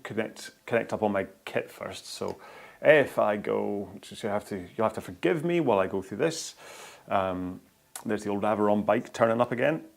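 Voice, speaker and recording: Gravelly, chatty man. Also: medium pitch. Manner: chatty and rambling, with many fillers and restarts. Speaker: rowing workout host. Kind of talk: live-stream workout chat.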